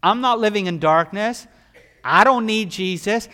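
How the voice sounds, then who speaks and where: A preacher acting out a scornful Roman governor. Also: male voice, high-pitched, measured pace, pitched above the performer's own voice. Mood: scoffing. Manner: loud, dismissive shouting. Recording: long hall reverb.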